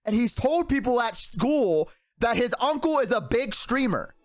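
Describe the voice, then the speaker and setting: A man in his twenties, a VTuber streamer, telling a story in casual stream chat, animated and rambling with lots of swearing. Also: very high voice, a little slow. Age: 20s.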